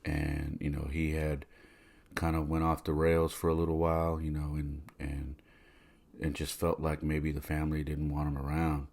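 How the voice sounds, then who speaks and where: Speaking at a normal speed in an extremely low, monotone voice that's creaky and a little mellow, a middle-aged man shares a personal story on his podcast. The telling is relaxed and full of fillers, and he performs the voices of anyone he quotes.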